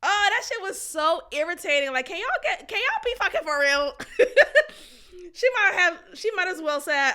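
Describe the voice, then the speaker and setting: A woman's voice: extremely high pitch, lively intonation, normal speed, bright, forceful tone. A woman hosting a podcast, chatting casually about a reality show in a blunt, opinionated way, swearing and laughing often. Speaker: podcast host.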